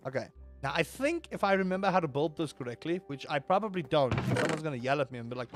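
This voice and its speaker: A man's voice: on the high side, expressive, brisk, soft background music. A young man on a casual gaming livestream. He rambles, swears, answers chat and reacts to the game.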